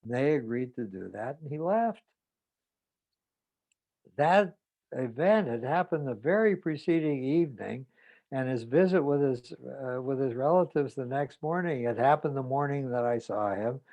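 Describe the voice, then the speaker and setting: A man, a psychotherapist, telling a clinical case story in a measured way with hesitant pauses. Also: medium pitch, animated, darkish tone, no room sound, low-quality recording. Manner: measured, with hesitant fillers and restarts.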